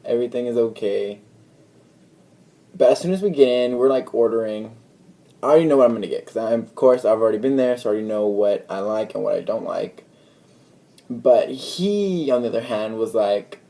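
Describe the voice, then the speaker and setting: A young man vlogging in a relaxed, mellow tone, a warm rather than bright voice. He rambles through a story, leaning on "like" and slipping into quoted dialogue, casual and unscripted. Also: medium pitch, a little fast, creaky. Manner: rambling, chatty retelling full of "like" and quoted dialogue.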